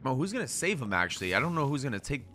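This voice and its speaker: A young man doing live reaction commentary on an anime, excitable and profane, shouting at the screen. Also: medium pitch, rapid-fire.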